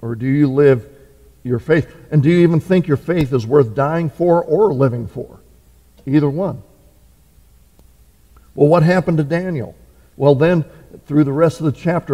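A man's voice: a little high, moderate pace, pauses often, warm tone. A man preaching a conversational sermon, full of fillers, restarts and rhetorical questions. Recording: reverberant hall.

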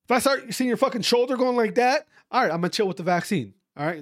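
A man's voice: high-pitched, fast, no echo, studio quality. A man in a casual, profane ranting monologue, repeating his points emphatically and mocking others' views sarcastically. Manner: sarcastic, mimics others' voices mid-rant.

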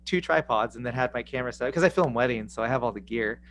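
A man's voice: medium pitch, fast talker, fairly bright tone. A man guest on a casual podcast interview, telling stories with frequent laughs. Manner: laughing, storytelling. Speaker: guest musician.

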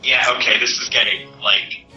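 A man, a tabletop game player, chatting in a lively, amused way about his own connection trouble on a voice call. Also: mid-range voice, moderate pace, lo-fi sound, soft background music. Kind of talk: casual chat on a voice call. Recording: echoey, distant voice call.

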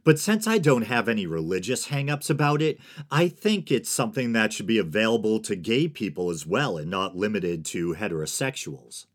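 A man's voice: lowish voice, big pitch swings, normal speed, few pauses. A man in his forties from the United States hosting a solo podcast, talking in a wry, digressive way and chuckling at his own asides. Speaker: podcast host.

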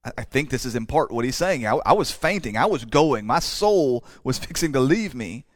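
A pastor with a drawl preaches in an easy, conversational way, slowing down for dramatic pauses and now and then tripping over a word and starting again. His voice sits at an ordinary man's pitch. It is recorded close and dry, with no room echo. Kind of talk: sermon.

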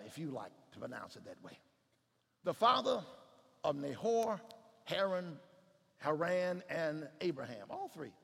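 A male preacher with a high, animated voice that leaps between soaring shouts and quiet, half-sung lines. His tone is bright and gravelly. The sound rings with the long reverb of a large hall. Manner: preaching with sudden shouted climaxes and hushed passages. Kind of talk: sermon.

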